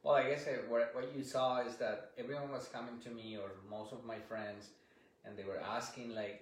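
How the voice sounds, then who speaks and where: A man appearing as a guest on a talk show, speaking softly and hesitantly with many fillers. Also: mid-range voice, fairly even intonation, moderate pace. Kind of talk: casual interview conversation. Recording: very echoey room, distant from the mic, faint noise.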